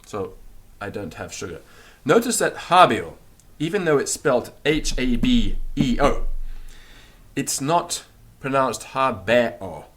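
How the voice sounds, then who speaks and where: Male teacher: slow, patient delivery with a lively, sing-song pitch; repeats words for practice. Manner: repeats words slowly for drilling pronunciation. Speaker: language teacher. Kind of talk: recorded grammar lesson.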